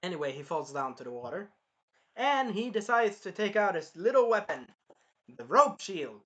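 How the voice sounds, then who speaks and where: A man giving a casual, excitable anime review, swearing freely along the way. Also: on the high side.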